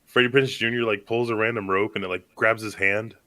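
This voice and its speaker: A man's voice: on the low side, fairly even intonation, a little fast, pushed and bright. A man co-hosting a movie podcast, chatting casually, rambling and joking with lots of fillers. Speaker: podcast co-host. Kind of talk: casual chat.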